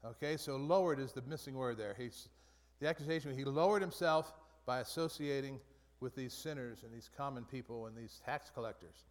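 A man leading a Bible study group in a relaxed, conversational way, often restarting and repeating phrases. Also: medium pitch, a little fast, few pauses. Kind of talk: casual Bible study teaching. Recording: long reverb from a large room.

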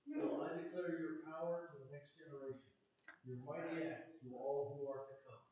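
A man reading scripture aloud in a steady, measured way, heard echoey and muffled from far off the mic. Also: fairly high pitch, slight background noise. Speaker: scripture reader.

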